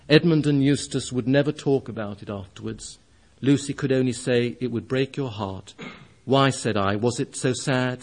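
Male preacher, storybook reading, mid-pitched, expressive. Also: creaky. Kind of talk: reading a story aloud in a sermon.

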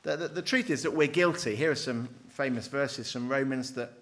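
A middle-aged man lecturing on theology from a handout, lively, with wry, self-deprecating asides. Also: mid-range voice, normal speed. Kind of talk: teaching with a handout.

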